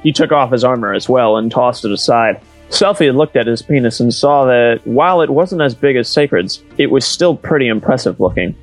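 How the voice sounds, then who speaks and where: A man's voice: mid-range voice, animated, brisk, few pauses, no room sound, soft background music, rough recording. A man doing a comedic dramatic reading of a story, mock-serious in tone. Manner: mock-dramatic, reads with put-on character voices. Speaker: reader.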